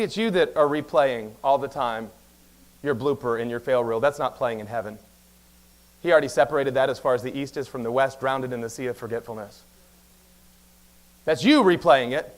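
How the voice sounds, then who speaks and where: A man preaching a sermon as pastor, talking very fast and telling stories with quick asides. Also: mid-range voice. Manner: animated storytelling with quick asides; talks very fast. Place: church sanctuary.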